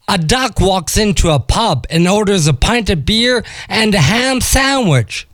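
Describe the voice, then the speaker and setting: Animated high-voiced man telling a joke. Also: unhurried, no echo, clean studio sound. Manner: animated storyteller, acts out the dialogue.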